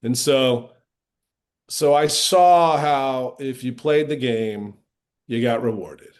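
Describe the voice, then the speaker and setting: A middle-aged man, an actor, talking candidly as a podcast guest and recounting past experiences. He acts out other people's lines with lively shifts in tone. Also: mid-range voice, takes it slowly. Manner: animated retelling, acting out quoted voices with lively shifts. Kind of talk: candid storytelling in a casual interview.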